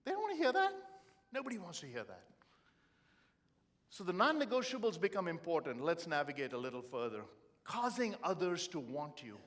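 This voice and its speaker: A man's voice: a little high, moderate pace. A middle-aged man giving a live motivational talk, telling stories with humor and feeling. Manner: expressive, storytelling, humorous. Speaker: motivational keynote speaker.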